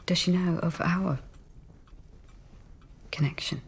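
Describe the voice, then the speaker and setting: An actress playing a yearning, lovelorn 19th-century gentlewoman in a period television drama, speaking in a pleading, intimate way. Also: fairly low pitch, fairly even intonation, takes it slowly, slightly rough, exaggerated voice. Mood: anxious.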